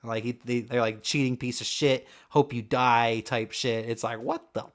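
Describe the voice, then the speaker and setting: A man's voice: medium pitch, fairly even intonation, normal speed. A man hosting a casual sports chat over a call, loose and joking, laughing often and swearing casually. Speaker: podcast host.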